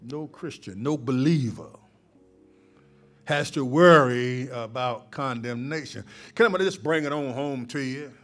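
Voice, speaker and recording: A male pastor preaching a sermon, moving from calm teaching to loud, emphatic peaks. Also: medium pitch, unhurried, faint music behind.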